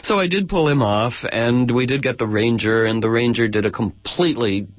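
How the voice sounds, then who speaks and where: A man hosting a casual chat who tells stories in a rambling, animated way. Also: medium pitch, normal speed, no room sound, lo-fi sound.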